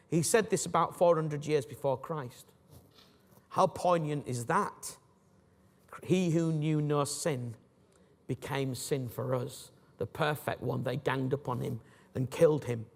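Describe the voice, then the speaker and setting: A man giving a Christian teaching talk, animated and jokey, acting out scenes for his listeners. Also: fairly high pitch, unhurried, vocal fry. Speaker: Christian speaker. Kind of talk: teaching talk with acted illustrations. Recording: long reverb of a hall.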